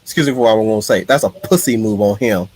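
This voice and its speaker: A man's voice: on the low side, fast, darkish tone, no echo. A man hosting a casual live stream, telling his ideas in an eager, rambling way. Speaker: streamer host.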